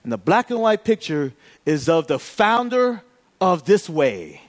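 A man's voice: a little high, sing-song, unhurried. A male pastor telling a story in a sermon, acting out both sides of a conversation and laughing along the way.

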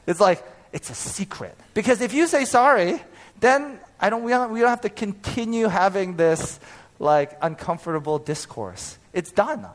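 A man in his thirties preaching as a pastor, telling a personal story with animated, acted-out quotes and frequent laughter. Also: high-pitched, measured pace.

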